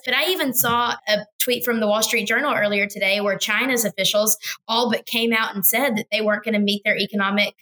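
Bright-voiced wry female podcast co-host. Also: mid-range voice, fairly even intonation, brisk, low-quality recording. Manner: wry and joking, laughs between points. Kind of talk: casual political chat.

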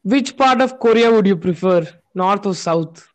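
High-pitched guy teasing his buddies, quick casual chat. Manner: quick, teasing, explains things to friends.

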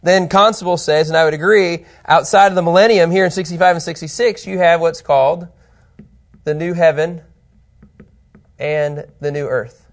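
Lively man teaching a Bible lesson. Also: on the high side, moderate pace. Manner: animated, keeps checking in with listeners and a co-host.

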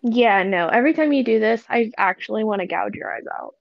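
A woman's voice: on the high side, lively intonation, fairly quick, gravelly, no echo, lo-fi sound. A woman co-hosting a podcast in casual chat, blunt and sassy, laughing often and tagging her points with "okay?". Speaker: podcast co-host.

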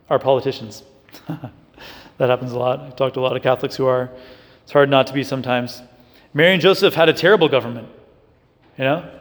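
A man giving a conversational spiritual talk to young adults as a Catholic speaker, often checking in with "right?" and "you know". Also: a little high. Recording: echoey hall.

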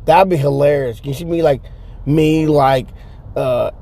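A man's voice: a little high, measured pace, mellow. A man rambling through a story from his car, cursing a lot and stumbling over his restarts. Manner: profane, stammering restarts. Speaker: vlogger telling stories. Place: car stuck in traffic. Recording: road noise from traffic.

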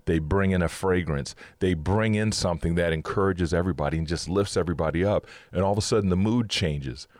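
A man's voice: low-pitched, a little fast, few pauses, darkish tone, no echo. A man hosting a casual faith talk, upbeat and chatty, laughing often as he teaches. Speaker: podcast host.

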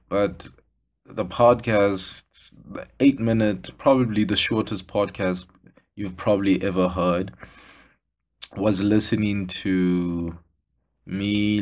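A young man hosting his own podcast, talking casually and rambling, repeating words and poking fun at himself. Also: deep voice. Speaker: podcast host. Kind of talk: casual solo podcast talk.

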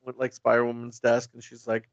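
Man, casual comedic riffer, gravelly fry, dry muffled recording, rambling and laughing. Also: completely flat delivery, dry recording. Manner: rambling, laughing, swears, mimics characters in quick asides. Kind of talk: casual comedic chat, riffing a sketch. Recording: dull low-fidelity dry recording.

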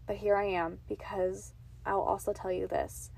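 Woman podcasting from her closet, raspy gravelly voice, heartfelt and confiding. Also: medium pitch, level tone, normal speed, a little mellow. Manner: earnest, emotional, confiding. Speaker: podcast host. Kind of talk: personal faith testimony. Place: home closet. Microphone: podcast mic on a box.

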